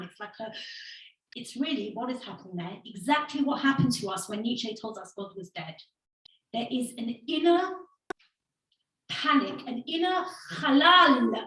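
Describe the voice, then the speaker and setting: High-voiced woman lecturing, lively, sounds far from the mic in a roomy space. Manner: animated, reads verses aloud and asks "okay?". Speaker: Torah teacher. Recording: echoey room, mic far away.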